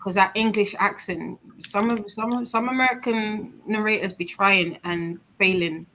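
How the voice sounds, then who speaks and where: A woman's voice: medium pitch, steady tone, measured pace, a bit bright. Woman, casual livestream chatter, wanders mid-sentence, faint background hiss. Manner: rambling, searches for words. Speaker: book club livestream participant. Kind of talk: casual chat.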